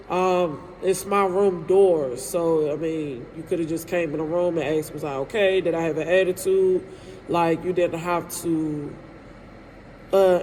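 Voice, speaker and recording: A woman's voice: lowish voice, darkish tone, slight background noise. A woman in her thirties telling a candid, emotional storytime vlog about her own life, rambling and often checking in with her listeners. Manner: candid, rambling, frequent "you know what I'm saying"; emotional and hurt.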